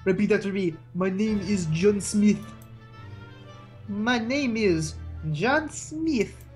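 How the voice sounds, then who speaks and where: A woman's voice: fairly low pitch, moderate pace, soft background music, natural voice. A woman reading as a grand bird lawyer.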